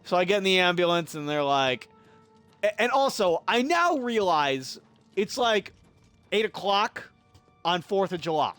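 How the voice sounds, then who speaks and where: A young man streaming a game while telling a profane, animated story and acting out the people in it. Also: sits high, measured pace, long pauses, no room sound, faint music behind. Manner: profane, animated, acts out quotes. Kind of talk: casual storytelling while gaming.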